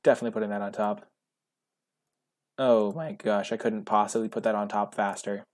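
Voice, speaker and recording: A man with a fairly low voice talks through a card game for his channel. His commentary is wry and self-mocking, and it breaks into sudden excited outbursts. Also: a little fast, no room sound, clean studio sound. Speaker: gaming channel host.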